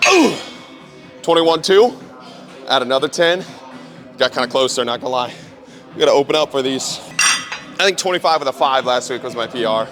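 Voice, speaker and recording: A man's voice: medium pitch, a little fast, long pauses, over music. A young man filming a gym training vlog as a strength coach, hyped and talking between lifts, often swearing.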